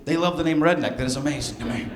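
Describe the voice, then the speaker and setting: A man from near Birmingham, Alabama, with a mild Southern accent, doing a stand-up set in a sardonic, storytelling way with quick asides to the crowd. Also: on the high side. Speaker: stand-up comedian. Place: comedy club stage. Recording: echoey club room with crowd laughter. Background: audience laughter.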